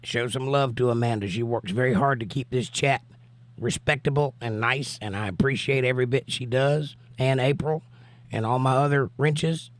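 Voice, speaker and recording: A man with a Southern US accent and a hoarse voice, hosting a livestream and reading chat comments aloud in an easygoing, drawling way. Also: mid-range voice, moderate pace, no echo. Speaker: livestream host.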